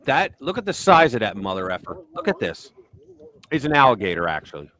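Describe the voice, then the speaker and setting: A man's voice: fairly low pitch, sing-song, fairly quick, sharp tone. An older man hosting a political live stream, blunt and profane, telling stories with lots of animation. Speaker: host.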